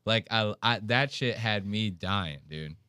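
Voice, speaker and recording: A man's voice: on the low side, takes it slowly, pushed and bright, clear, resonant tone, no echo, studio quality. A man hosting a casual podcast, telling a story with lots of swearing, laughter and acted-out quotes. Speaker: podcast host.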